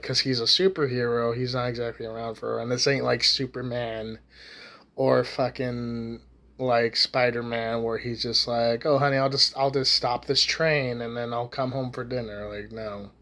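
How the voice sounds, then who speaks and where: A man's voice: medium pitch, fairly bright tone. A young man ranting casually to camera, rambling with lots of swearing and false starts. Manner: profane, rambling, with many restarts and fillers. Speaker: YouTube ranter.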